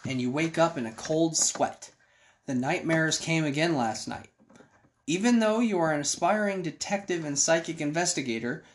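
A man's voice: a little high, a bit bright. A man reading a choose-your-own-adventure card game aloud to friends, breaking off for joking asides. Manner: joking asides between read passages. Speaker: game reader.

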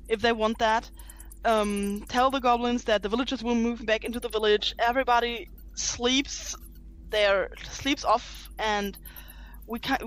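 A woman playing her character in a tabletop game, talking in an earnest, halting way. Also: fairly high pitch, fairly bright tone. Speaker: player.

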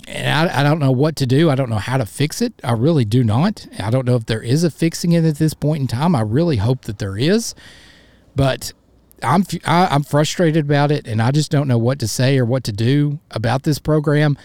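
A man's voice: mid-range voice, a little fast, darkish tone, no room sound. A man hosting a solo sports podcast, ranting in a fired-up, frustrated way and bluntly repeating himself for emphasis. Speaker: podcast host.

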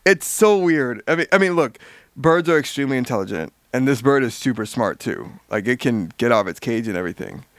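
A man recapping a story in casual chat, animated and swearing freely. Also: mid-range voice, fairly quick, no room sound. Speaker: podcast co-host.

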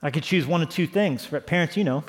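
A man's voice: fairly high pitch, quick pace. Impassioned male pastor preaching. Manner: impassioned, rising to emphatic peaks. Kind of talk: sermon.

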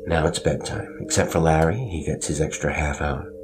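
A dry, slightly pompous storybook father, as a male narrator puts him on. The voice sits very low and speaks with calm authority. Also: moderate pace, music in the background. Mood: genial. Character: bookish middle-aged father, storytelling.

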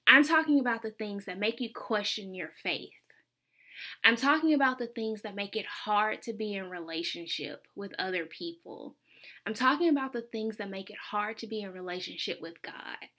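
A young woman hosts a faith podcast, speaking in a mid-range, sharp-toned voice at a moderate, animated pace. Her casual monologue is earnest and confessional, peppered with lots of "like."

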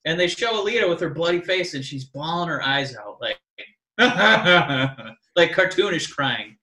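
A man with a bright, forceful, fairly high voice rambles through a casual chat, jumping into animated bits. The room around him rings with echo. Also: fairly quick. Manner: rambling, animated, mock-crying impressions. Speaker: podcast co-host.

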